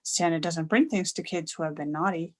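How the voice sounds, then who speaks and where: A woman's voice: on the low side, a little fast, a little mellow, natural voice. Woman doing a snarky big sister. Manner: sarcastic, whiny. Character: teasing bored older sister.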